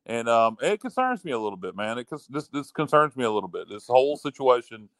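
A man's voice: mid-range voice, sing-song, fast talker, a bit bright, dry recording. A man hosting a casual sports talk show, boastful and rambling, often repeating himself.

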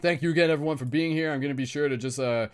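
A young man hosting a live stream, leading a slow guided visualization and then chatting casually, laughing at himself. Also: fairly high pitch, clean tone. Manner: laid-back, laughs at himself, drawn-out slow phrasing in guided parts. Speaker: host.

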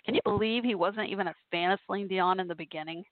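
Bubbly female call-in host, mid pitch, rambles, laughs easily; thin telephone-quality audio. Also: quick pace, dry recording. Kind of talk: casual chatty call-in show. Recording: tinny phone-like line.

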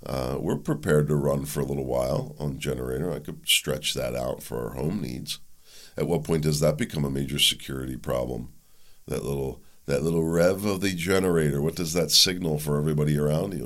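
A man's voice: low-pitched, a bit bright. A man hosting his own show, talking through a rambling, speculative solo commentary in a musing tone. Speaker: podcast host.

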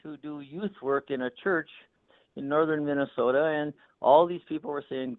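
A man's voice: fairly high pitch, moderate pace, no echo. A pastor in his sixties tells a personal story in an interview, chuckling between phrases and often saying "you know". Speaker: pastor and author. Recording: tinny phone line, dry.

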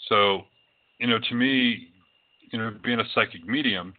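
A man's voice: on the low side, unhurried. A man who works as a psychic medium, telling his own experiences in a loose, rambling way with many fillers. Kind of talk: casual storytelling talk. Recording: tinny phone-like audio.

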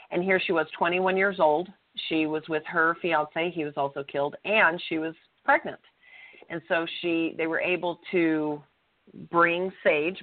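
Earnest middle-aged woman on a tinny line. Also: on the low side. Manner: earnest, blunt, swears freely. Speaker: co-host. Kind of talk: candid personal storytelling. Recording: tinny phone-line audio.

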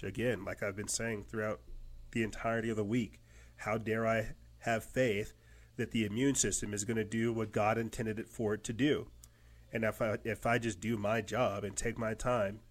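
Emphatic rambling man hosting a podcast. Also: fairly low pitch. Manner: rambling, emphatic, laughs at his own quotes. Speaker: podcast host. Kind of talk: casual monologue.

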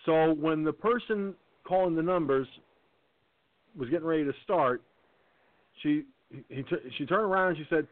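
A man from Peekskill, New York, telling a long anecdote in a casual, animated way and acting out the voices. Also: fairly high pitch, moderate pace, no room sound. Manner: animated storyteller, acts out the voices. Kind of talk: casual storytelling. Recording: tinny phone line.

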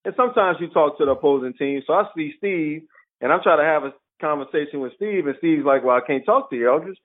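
Animated storyteller on a tinny line. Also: male voice, a little high, quick pace. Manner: animated storyteller, acts out quotes. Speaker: guest, former pro basketball player. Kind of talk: storytelling interview.

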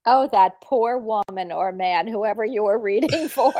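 A woman hosting a chat show, enthusiastic and quick to laugh as she asks her guest questions. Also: medium pitch, dark tone, dry recording. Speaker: talk show host. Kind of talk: interviewing on an online chat show.

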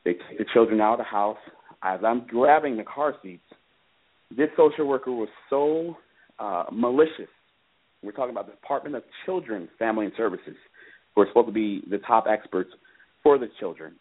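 A man with a fairly low voice calls in over a thin, tinny phone line. He speaks earnestly and haltingly, with plenty of ums and uhs, as he recounts what happened to him. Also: lively intonation. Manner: earnest, halting, many fillers. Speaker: father calling in about his case. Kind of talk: personal account on a call-in radio show.

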